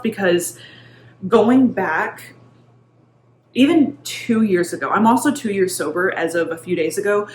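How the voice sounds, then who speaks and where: A woman's voice: medium pitch, a little slow. Chatty woman in an echoey room. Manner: chatty, with many fillers. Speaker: mindset coach and vlogger. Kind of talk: casual talk-to-camera vlog. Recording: echoey room with faint background noise.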